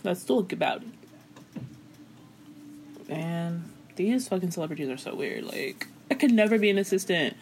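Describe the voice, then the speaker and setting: Blunt, low-voiced woman. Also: expressive, moderate pace, pauses often, darkish tone, slight background noise, low-quality recording. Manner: blunt, indignant, profane. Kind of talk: casual gossip chat.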